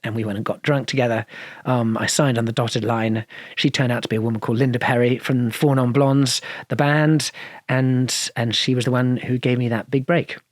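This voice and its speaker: In a dry, clean studio recording, a man of medium pitch speaks with a steady tone at a moderate pace. He's a guest musician with a posh English accent, spinning long, rambling interview stories packed with fillers and restarts.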